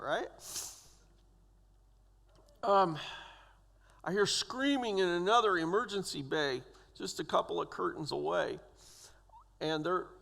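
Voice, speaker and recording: A man's voice: high-pitched, vocal fry, sharp tone. A man in his sixties, a church elder, giving a personal testimony in a church, acting out the voices of the people in his story. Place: church sanctuary. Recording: long church hall reverb.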